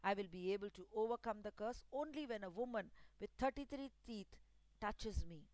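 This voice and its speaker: A woman's voice: medium pitch, lively intonation, moderate pace, darkish tone, dry recording, natural voice, poor audio. A woman voicing an ancient male genie who speaks in a commanding, stern way, in a storybook reading. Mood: explaining. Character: ancient male genie, once aggressive, gruff.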